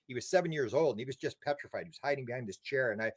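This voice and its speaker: An older man, a guest in a casual interview, telling animated stories with many restarts and repeated words. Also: medium pitch, very fast. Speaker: interview guest, UFO researcher.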